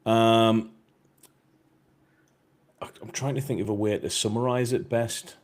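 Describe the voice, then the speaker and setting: A British man hosts a live podcast stream, reading the chat in a casual, hesitant, easygoing way packed with fillers. His voice sits lowish, his tone is steady, and he talks a little slowly.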